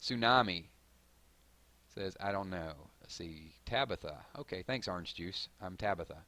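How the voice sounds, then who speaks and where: A man with a Southern drawl hosting a live stream, reading viewer comments and hyping up his audience in a rambling, excitable way. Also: low-pitched, moderate pace. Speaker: gaming channel host.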